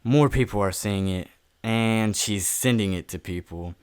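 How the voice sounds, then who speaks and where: A man's voice: on the low side, measured pace, darkish tone, smooth. A young man telling a story to camera in a casual vlog, blunt and full of swearing. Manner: profane, blunt and offhand. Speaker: YouTuber.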